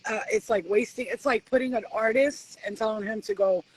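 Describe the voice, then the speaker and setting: A woman hosting a live stream as a spiritual reader, giving a swearing, preachy pep talk that swoops in pitch and slows for stress. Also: a little hiss or hum, rough recording. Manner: profane, preachy, animated.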